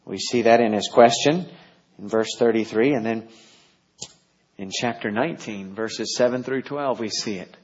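A man preaching a sermon, praying quietly and reading scripture aloud with growing intensity. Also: fairly low pitch, moderate pace, husky. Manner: prays softly, then reads scripture with rising intensity. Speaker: pastor. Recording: dull lo-fi sound.

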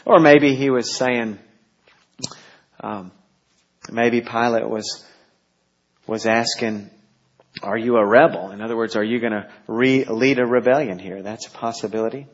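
A man preaching a sermon, praying quietly and reading scripture aloud with growing intensity. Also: medium pitch, steady tone, a little slow, long pauses. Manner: prays softly, then reads scripture with rising intensity. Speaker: pastor. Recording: dull lo-fi sound.

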